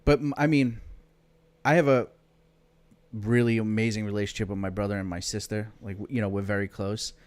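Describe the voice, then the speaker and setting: A man's voice: fairly low pitch, steady tone, fairly quick, clear, resonant tone, no room sound. A man hosting a podcast, chatting casually and readily agreeing with his guest. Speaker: podcast host. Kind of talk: casual conversation.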